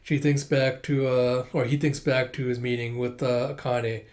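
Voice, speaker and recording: A man's voice: mid-range voice, little pitch movement, moderate pace, a little mellow. A man doing a casual read-through of a manga chapter, chatty, with asides and laughs.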